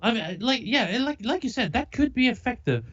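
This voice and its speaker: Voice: mid-range voice, very animated, brisk, dull audio. A podcast co-host in casual chat, rambling and swearing in exasperation.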